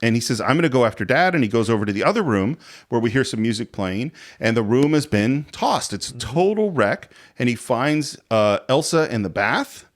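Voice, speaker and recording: A man's voice: medium pitch, sing-song, normal speed. A man co-hosting a casual movie podcast, retelling scenes and laughing often as he talks. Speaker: podcast co-host.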